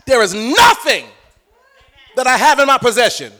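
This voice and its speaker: A man's voice: very high-pitched, sing-song, normal speed, sharp tone. A middle-aged man preaching a live sermon in church, joking with and coaxing the congregation.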